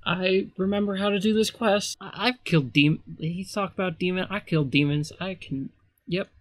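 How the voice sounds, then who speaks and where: A man's voice: sits high, normal speed, dry recording. A man giving casual gameplay commentary as a let's player, rambling with sarcastic asides.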